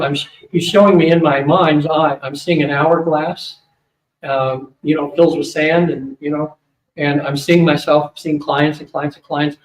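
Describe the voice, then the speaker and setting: An older man speaking at a psychic fair, telling a long rambling story to an audience, with many fillers and quick asides. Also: fairly high pitch. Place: hotel event room. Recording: roomy, distant mic with faint hum.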